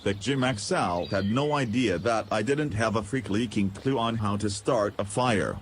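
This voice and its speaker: A man narrating an absurd comic story in first person, deadpan and goofy. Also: fairly low pitch, moderate pace, a little hiss or hum. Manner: goofy, deadpan, absurd humor with silly voices. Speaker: podcast storyteller.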